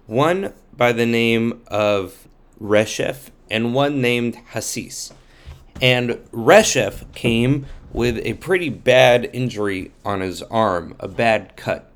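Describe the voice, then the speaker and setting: A man's voice: mid-range voice, slow. A man narrating a children's story in a friendly, explanatory way as the host.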